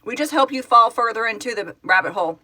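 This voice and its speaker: A woman who founded a fan project, hosting a casual live stream, answering viewers' comments in an excitable, gushing way and laughing often. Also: on the high side, fast talker.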